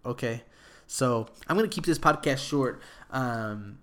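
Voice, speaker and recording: A man hosting a podcast, telling a crude joke in a rambling, profane way and often dropping to a hush. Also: medium pitch, lively intonation, measured pace. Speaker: podcast host.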